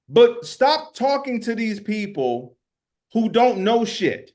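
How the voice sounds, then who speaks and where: A man's voice: sits high, big pitch swings, unhurried. A man co-hosting a podcast, delivering heated, profane political commentary and repeating words as he gets worked up. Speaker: podcast co-host.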